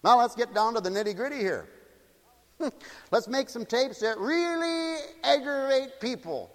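A man preaching a sermon in an animated, mocking way, slipping into shrill wailing impressions. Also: measured pace, in a large hall.

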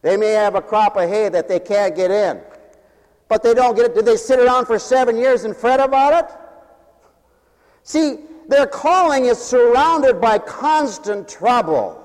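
High-voiced guy preaching hard in church, calls out to the pews, big hall echo on him. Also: lively intonation, unhurried, darkish tone. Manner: impassioned, calls to the congregation. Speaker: pastor. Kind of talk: sermon. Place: church sanctuary. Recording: long reverb of a large hall.

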